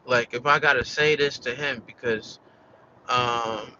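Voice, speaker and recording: A man's voice: medium pitch, fairly even intonation, measured pace, pushed and bright, dull audio, a little hiss or hum. An American man venting in a casual, rambling vlog rant, peppered with "like" and "you know" and swearing. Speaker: vlogger.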